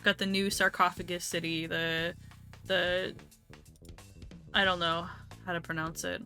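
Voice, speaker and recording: A woman's voice: on the low side, sharp tone. A young woman streaming a game, chatting casually with her audience, swearing freely and laughing often. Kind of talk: casual let's-play chat.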